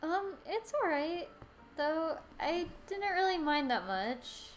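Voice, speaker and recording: A woman's voice: very high voice, very animated, slow pace, a little hiss or hum, heavily acted. A woman reading the lines of a young woman knight, earnest and confused, in a let's play of a visual novel.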